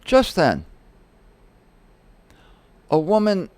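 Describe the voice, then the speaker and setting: A middle-aged man hosting his show, telling a personal story in a casual, animated way and acting out the voices of the people in it. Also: high voice, very slow, no room sound. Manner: animated, quoting others in acted-out voices. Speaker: host.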